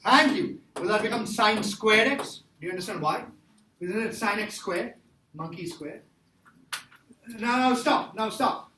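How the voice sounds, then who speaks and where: A math teacher lectures his class in a high, bright voice at a moderate pace, emphatically repeating his points and quizzing students with question after question. The recording is distant, in an echoey classroom with a faint hiss.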